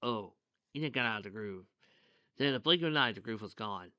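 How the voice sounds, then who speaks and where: A man reading fan fiction aloud who often breaks off into excited side comments. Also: fairly low pitch, brisk, no echo, dull audio. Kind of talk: reading a story aloud with asides.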